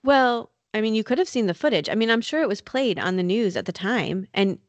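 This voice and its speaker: A woman's voice: on the high side, animated, fairly quick, dry recording. A woman hosting a podcast, telling a true crime story in casual chat, full of "like" and "you know". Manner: conversational, many "like" and "you know" fillers. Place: North Carolina.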